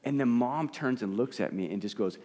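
Middle-aged male pastor, conversational preaching voice, animated storyteller, stammers on restarts. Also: medium pitch, normal speed. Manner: storytelling, animated, self-deprecating, frequent restarts. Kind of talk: sermon with personal story.

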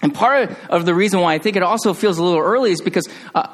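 A man preaching a conversational sermon as pastor, joking with the congregation and dropping to a hush on solemn phrases. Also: high-pitched, quick pace. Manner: conversational, jokey, with restarts and sudden quiet hushed drops.

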